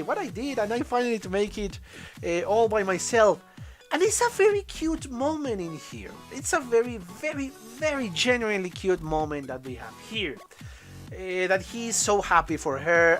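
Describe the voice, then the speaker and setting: A woman with a somewhat low voice talks through an anime episode in a loose, chatty way. She speaks English as a second language and often stops mid-thought to restart, leaning on fillers as she goes. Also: fairly bright tone. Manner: rambling, with many restarts and fillers. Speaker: anime reviewer. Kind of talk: casual spoken episode review.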